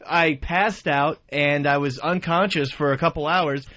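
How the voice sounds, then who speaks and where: A man's voice: on the high side, measured pace, bright, forceful tone. A man who is a regular on a radio talk show, telling a story in a rambling, self-deprecating way. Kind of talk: casual radio banter. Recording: dull radio studio sound.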